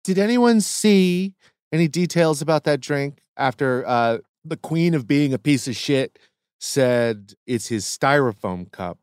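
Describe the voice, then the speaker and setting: A podcast co-host in casual chat who talks bluntly and swears freely in a relaxed, musing way. The voice sits at a middle pitch. The sound is dry and close. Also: a little slow, clean tone, no echo.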